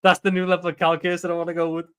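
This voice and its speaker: A man's voice: sits high, completely flat delivery, very fast, smooth. A man with a Scouse accent, co-hosting a football watchalong in casual, sweary, joking banter. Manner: blunt, sweary, jokey banter. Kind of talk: casual chat.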